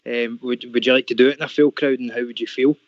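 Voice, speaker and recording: A man's voice: medium pitch, steady tone, fast talker, no room sound. A man calling into a radio show, friendly and hesitant with many ums. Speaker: caller. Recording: dull lo-fi radio sound.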